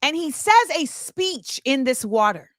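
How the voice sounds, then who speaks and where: A woman's voice: high voice, lively intonation, unhurried, no echo, clean studio sound. A woman hosting her own show, delivering an impassioned film commentary monologue and repeating key phrases for emphasis. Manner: opinionated and impassioned. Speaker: show host.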